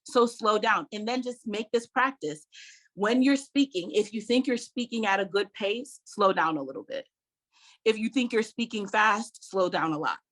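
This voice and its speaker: A woman's voice: on the high side, normal speed, a bit bright. A middle-aged woman giving an online public speaking workshop, talking conversationally, repeating key points with emphasis and laughing between them. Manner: laughs between points, addresses viewers directly.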